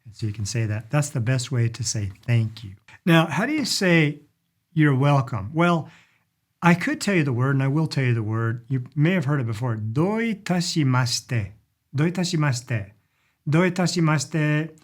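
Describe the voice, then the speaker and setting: A man's voice: mid-range voice, lively intonation, normal speed. A middle-aged man explaining travel phrases in a casual instructional talk, demonstrating them with stretched vowels. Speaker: language and culture teacher.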